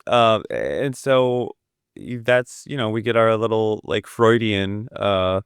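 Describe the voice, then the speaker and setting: Man, podcast co-host, clear mid voice, dry close mic, eager rambling film talk. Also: lowish voice, slow, no echo. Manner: enthusiastic, rambling with restarts. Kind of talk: casual film review chat.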